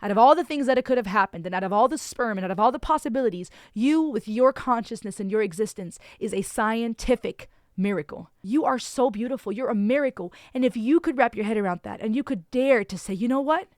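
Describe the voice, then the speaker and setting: A woman's voice: fairly high pitch, fairly quick, hardly any pauses, no echo. Effusive woman reacting, dry close sound. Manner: effusive, emphatic, with frequent restarts. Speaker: music reaction vlogger. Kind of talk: casual reaction commentary.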